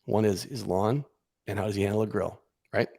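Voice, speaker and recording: A man as a podcast guest, telling a comic story in a casual, animated way, acting out what he and others said. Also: lowish voice, fairly quick, vocal fry, breathy edge.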